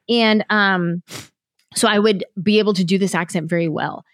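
A woman's voice: mid-range voice, moderate pace, no echo, clean studio sound. A woman in her thirties from California, a comedian telling stories from her career in a casual interview. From San Jose, California. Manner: animated, quotes herself in little voices. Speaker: comedian guest.

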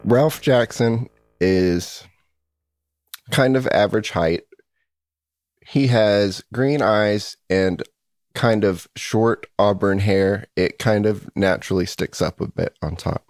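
A man playing a tabletop game, slowly and hesitantly describing his character. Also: fairly low pitch, darkish tone, dry recording, clean studio sound. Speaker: player. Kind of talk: casual tabletop play.

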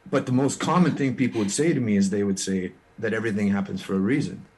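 A man from Canada, a musician guest in an interview, telling his story in an earnest, frank way with quick restarts. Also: lowish voice, darkish tone, slightly rough.

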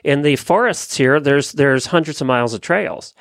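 Lively podcast host, dry sound. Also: mid-range voice, no echo. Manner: lively, quick interjections and laughs. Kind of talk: casual interview.

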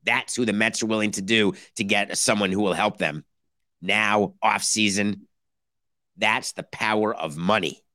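A man's voice: on the low side, steady tone, a little slow, bright, forceful tone, no echo, clean studio sound. A man hosting a baseball podcast, talking in sarcastic bursts and acting out mock conversations between teams. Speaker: podcast host. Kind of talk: animated baseball commentary.

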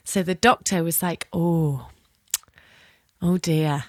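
A woman hosting a podcast, telling a personal story in a lively way, acting out dialogue with casual swearing and frequent laughs. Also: fairly low pitch, takes it slowly, no room sound, clean studio sound. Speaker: podcast host.

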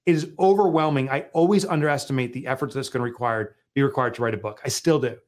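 A man, an author and guest, chatting casually, telling animated stories, acting out quotes and laughing often. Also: medium pitch, fast. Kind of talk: casual conversation.

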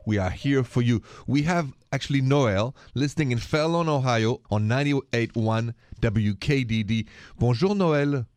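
A man's voice: mid-range voice, unhurried, a little mellow, dry recording, studio quality. A man with a French accent, hosting a call-in radio show in a playful way and dropping French greetings. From France. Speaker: radio host.

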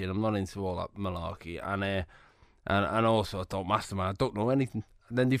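A man, a comedian telling jokey, animated stories as an interview guest. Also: fairly low pitch, no room sound, studio quality. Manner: jokey, animated anecdotes with acted-out quotes. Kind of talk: casual storytelling interview.

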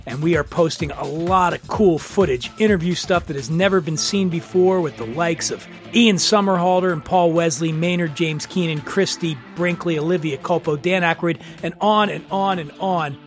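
Man, podcast host, high voice, jokey, self-mocking, faint music behind. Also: moderate pace, few pauses. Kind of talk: casual podcast hosting.

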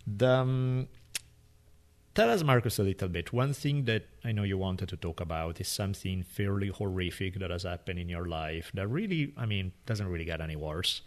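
A man's voice: sits low, moderate pace. A man hosting a podcast with a European accent, talking in a loose, rambling, jokey way. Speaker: podcast host. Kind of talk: podcast interview.

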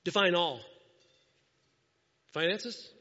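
A man preaching a sermon as pastor to his church, lively and acting out the people he talks about. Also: high voice, very slow. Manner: animated, acts out quoted voices. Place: church sanctuary. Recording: dull lo-fi sound with long hall reverb.

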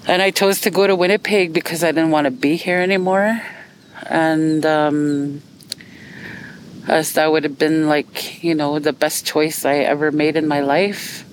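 Interviewee: middle-aged woman from Canada, halting and unhurried, faint hiss behind her. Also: sits low, fairly even intonation, rough recording. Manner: hesitant, full of fillers and restarts. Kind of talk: reflective documentary interview.

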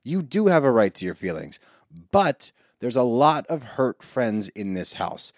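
A man hosting a casual reality-TV recap podcast, talking in an animated, sarcastic way and swearing freely. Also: medium pitch, measured pace, no room sound, studio quality. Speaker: podcast host.

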